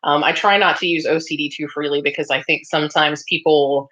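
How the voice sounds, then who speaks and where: Reading out comments from her viewers and replying, this craft livestream host chats casually, full of laughs and filler ums. Her voice is low and fairly bright, a little fast, with fairly even intonation, and the audio has a slightly dull lo-fi quality.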